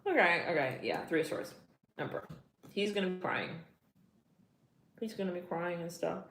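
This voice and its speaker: A woman's voice: on the low side, lively intonation, normal speed. A woman giving a casual tarot reading, chatty and slangy, getting emotional as she talks. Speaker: tarot reader. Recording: echoey room, faint noise.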